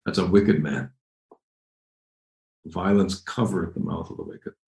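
A man's voice: low-pitched, a little slow, vocal fry, darkish tone, echoey room, poor audio. A man preaching a conversational, emphatic sermon, often repeating phrases as he explains Bible verses. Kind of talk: expository sermon.

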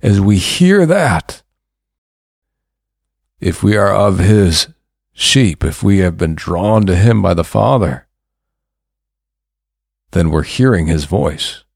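A man's voice: low-pitched, big pitch swings, slow pace, gravelly, pauses often, a little mellow, slightly rough, no room sound, studio quality. A man preaching a sermon, fervent and building to emphatic bursts.

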